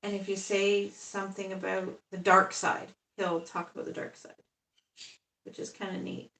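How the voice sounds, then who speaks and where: A woman's voice: medium pitch, flat delivery, normal speed, gravelly, fairly bright tone. A woman in her fifties chatting on a casual live stream at home as she works on dolls. She rambles and laughs often. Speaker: doll artist live-streaming. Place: home room. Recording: echoey room, far from the mic.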